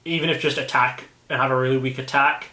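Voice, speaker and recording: A man's voice: mid-range voice, fairly even intonation, quick pace, sharp tone. A British man hosting a casual chat about a card game, rambling and often restarting his sentences. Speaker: channel host. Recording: echoey room.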